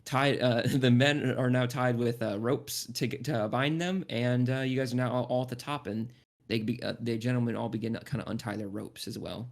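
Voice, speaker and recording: A man's voice: medium pitch, steady tone, normal speed, gravelly. A man running a tabletop game as game master, narrating loosely with many restarts and frequent laughter.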